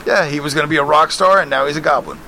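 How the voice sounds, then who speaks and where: Bright, high-voiced storytelling man. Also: racing, gravelly, a little hiss or hum. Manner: animated, heavy swearing, retells a news story with mock outrage. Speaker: podcast co-host telling a story. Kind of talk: casual profane banter.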